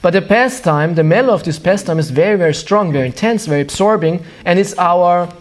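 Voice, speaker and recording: German guy giving a spiritual talk in english, high voice, animated, searches for words sometimes. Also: fairly quick. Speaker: spiritual teacher. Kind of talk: devotional sermon.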